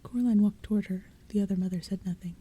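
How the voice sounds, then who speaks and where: A woman reading a storybook aloud as whispered role-play, in a soft, hushed, mostly unvoiced whisper, with faint rain behind her. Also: medium pitch, fast, husky. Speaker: ASMR audiobook reader. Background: soft rain and thunder.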